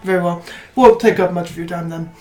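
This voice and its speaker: A player speaks in character, polite and formal, at a middle pitch. The room is echoey, and faint music plays in the background. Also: fairly quick, mellow. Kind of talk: in-character tabletop role-play.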